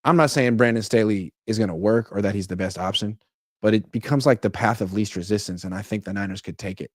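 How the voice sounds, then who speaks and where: A man's voice: on the low side, fast, dry recording, clean studio sound. A man hosting a casual sports talk show, speaking wryly with sarcastic asides. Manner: sarcastic, mock-quoting, wry. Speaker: host.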